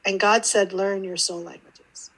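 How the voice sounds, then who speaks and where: An intuitive teacher guesting on an interview podcast tells her story casually, bringing it to life by acting out the quoted dialogue. Her mid-range voice is breathy and measured in pace, captured on a low-quality recording.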